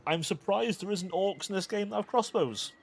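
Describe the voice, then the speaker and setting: A man's voice: high-pitched, moderate pace, creaky, husky. A British man live-streaming a strategy game, chatting and thinking aloud, often cutting himself off mid-thought. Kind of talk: live gameplay commentary.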